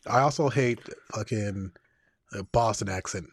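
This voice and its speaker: A man's voice: lowish voice, unhurried, dry recording, studio quality. A man from Northern California co-hosting a podcast in casual chat, giving blunt, joking opinions. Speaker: podcast co-host.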